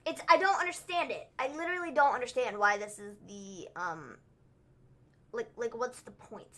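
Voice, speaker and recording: A woman's voice: fairly high pitch, normal speed, fairly bright tone. A young woman co-hosting a casual livestream recap, talking chattily with lots of fillers and acting out quotes in silly voices. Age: young adult. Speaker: wrestling show co-host.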